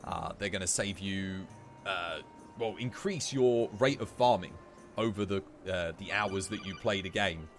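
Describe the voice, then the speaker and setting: A man's voice: low voice, a little slow, soft background music. A young man streaming a game, chatting casually with viewers, joking and swearing now and then. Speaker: gaming streamer. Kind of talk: casual livestream chat while playing.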